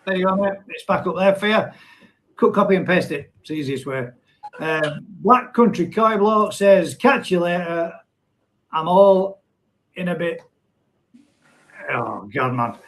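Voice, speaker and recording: A man's voice: sits high, animated, measured pace, long pauses, a bit bright, poor audio. A middle-aged man hosting a casual live stream from home, reading viewer comments aloud and laughing often.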